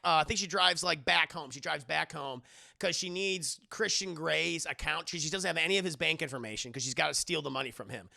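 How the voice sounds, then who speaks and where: Gravelly sarcastic man recapping a movie. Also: high voice, pushed and bright. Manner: rambling, profane, sarcastic. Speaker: movie reviewer and streamer. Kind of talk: casual comedic movie recap. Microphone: close streaming mic.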